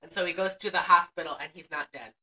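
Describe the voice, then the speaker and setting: A woman's voice: fairly low pitch, fast talker, sharp tone, recorded from a distance. A woman co-hosting a podcast, recapping a movie in casual chat with a profane, sarcastic storytelling manner. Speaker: podcast co-host.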